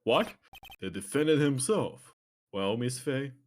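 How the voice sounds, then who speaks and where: A woman voicing a stern elderly male courtroom judge in a game, speaking in formal, deliberate pronouncements. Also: a bass voice, animated, a little hiss or hum, voice pushed down.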